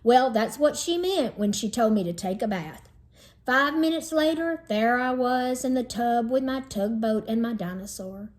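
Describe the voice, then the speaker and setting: A woman teacher reading a children's chapter book aloud in an unhurried storytelling manner, slowing down over lists. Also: a little high.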